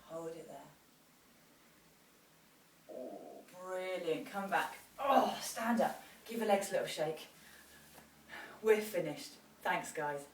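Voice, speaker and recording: A woman's voice: on the low side, expressive, unhurried, recorded from a distance. A woman fitness instructor guiding a post-run stretching routine, demonstrating each stretch as she encourages the viewer. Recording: roomy sound from off-mic with faint noise.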